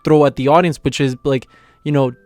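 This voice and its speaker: A man's voice: medium pitch, fairly even intonation, fairly quick, a little mellow, no echo, faint music behind. Chatty young man recapping an anime. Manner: rambling, retells scenes with quoted lines and filler words. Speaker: anime reaction channel host. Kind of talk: casual review recap.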